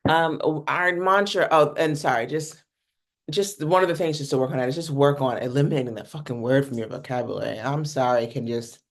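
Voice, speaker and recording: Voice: mid-range voice, brisk. A communication coach from North America giving a workshop teaching talk in a casual, blunt manner, swearing freely and often checking in with "right?".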